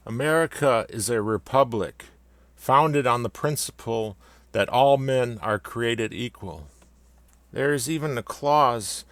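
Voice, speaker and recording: A man's voice: mid-range voice, fairly bright tone, no room sound. A man delivering a scripted comedic rant in a sarcastic, mock-solemn way. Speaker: satirical commentator.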